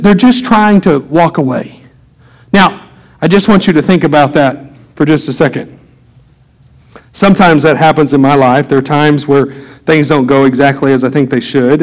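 A man's voice: high-pitched, poor audio. A man, a pastor, preaching a conversational sermon, acting out little voices and asides.

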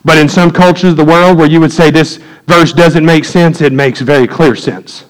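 A man, preaching a sermon in a church, swinging from loud emphatic peaks to low quiet asides. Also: rough recording. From United States. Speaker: pastor. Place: church sanctuary.

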